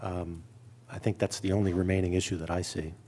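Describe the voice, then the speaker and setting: Low-voiced man explaining procedure. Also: little pitch movement, warm tone. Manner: measured, explanatory. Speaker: district staff advising the board. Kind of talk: explaining procedure at a board meeting.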